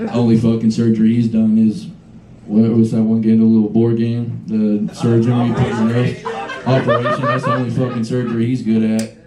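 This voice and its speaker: A young man performing a rambling, profane stand-up set at a small bar, riffing with the audience. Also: on the low side. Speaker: stand-up comedian. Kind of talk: live stand-up comedy set. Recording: echoey room with crowd noise.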